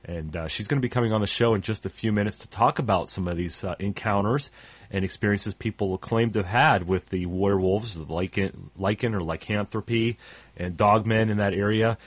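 A man's voice: on the low side, a little fast, dry recording. A man co-hosting a radio show in casual talk, stuffed up, rambling with many fillers and trailing off at phrase ends.

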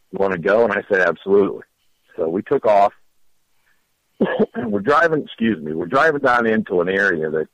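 A man's voice: fairly low pitch, vocal fry, no room sound, dull audio. A middle-aged man casually telling a long story, often repeating and restarting his words. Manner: rambling, repeats words, animated retelling. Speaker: storyteller guest.

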